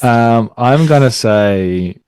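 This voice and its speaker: A man's voice: mid-range voice, expressive, slow, darkish tone, clear, resonant tone. A young Australian man co-hosting a podcast in casual chat, jokey and teasing with plenty of fillers. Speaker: podcast co-host.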